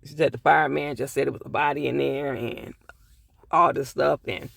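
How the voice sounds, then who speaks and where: A man recapping and reviewing a TV episode, with animated, profane, indignant ranting. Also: medium pitch, moderate pace, creaky, dry recording, studio quality. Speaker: TV show reviewer.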